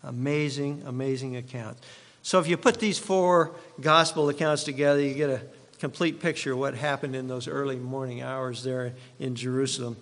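A pastor's sermon voice, a man reading scripture with measured, dramatic emphasis. His mid-pitched voice carries through a church sanctuary with long reverb. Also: steady tone, a bit bright. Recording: long reverb of a large hall.

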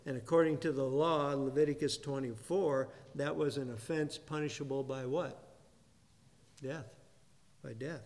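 A man's voice: medium pitch, steady tone, a little slow, darkish tone. A man preaching a sermon who asks the congregation questions, answers them himself and leans hard on single words. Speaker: pastor. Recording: long reverb of a large hall.

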